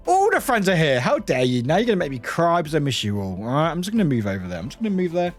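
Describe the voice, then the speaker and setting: A man's voice: fairly high pitch, fairly quick, faint music behind. A man from the UK, a streamer chatting casually and animatedly with his live chat from home. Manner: animated, laughing, greeting chat by name. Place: home room.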